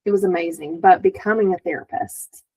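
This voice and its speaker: Husky woman telling stories. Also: fairly low pitch, a little fast, rough recording. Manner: animated storytelling, many "like" fillers, acts out quotes. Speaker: therapist, guest. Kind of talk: casual podcast conversation.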